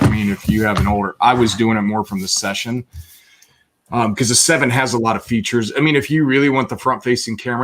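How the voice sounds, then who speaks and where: A man's voice: fairly low pitch, noisy background. A man speaking as a guest in a casual chat, hesitant with many ums and repeated words.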